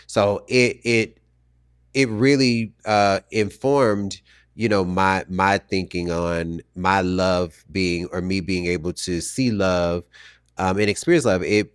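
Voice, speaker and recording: A man with a very low voice tells a personal story on his podcast. He sounds reflective and halting, often trailing off and starting again. The sound is dry and close to the mic. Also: no room sound. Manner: reflective, halting with restarts and fillers. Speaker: podcast host.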